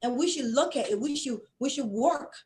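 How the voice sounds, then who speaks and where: A woman's voice: sits high, normal speed, a little mellow, poor audio. Earnest, emotional woman from Liberia. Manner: earnest, emotional, repeats phrases. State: tearing up. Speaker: guest, project founder. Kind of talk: impassioned closing appeal.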